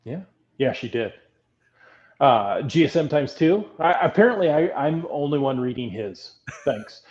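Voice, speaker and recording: A man co-hosting a relaxed podcast, chatty and quick to laugh as he reads out listener notes. His pitch moves around a lot, and the sound is somewhat dull and lo-fi. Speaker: podcast co-host. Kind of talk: casual chat.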